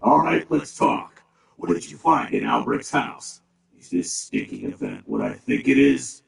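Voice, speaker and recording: A big, gruff male orc in a video game. The voice is deeply gravelly and swings in pitch as he grumbles and quips sarcastically, with a roomy, distant sound over game music. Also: huge pitch swings, a little slow, a little hiss or hum, heavily acted.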